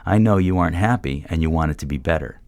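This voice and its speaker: A man's voice: extremely low pitch, fast talker, gravelly, darkish tone, no room sound. A man voicing an intense older mentor who pushes a younger man with drilling, pressing questions. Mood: pressing, forceful.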